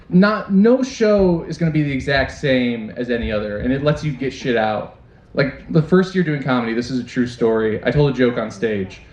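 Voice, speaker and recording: A young man doing a stand-up comedy set on a club stage, crude and self-deprecating, talking straight to the crowd. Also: a little high. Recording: roomy, dull club recording. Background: audience laughter.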